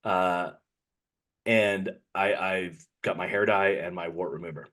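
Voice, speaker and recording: A man's voice: deep voice, steady tone, unhurried, fairly bright tone. A man co-hosting a podcast, telling a long personal story in a casual, rambling way and often correcting himself mid-sentence. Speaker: podcast co-host.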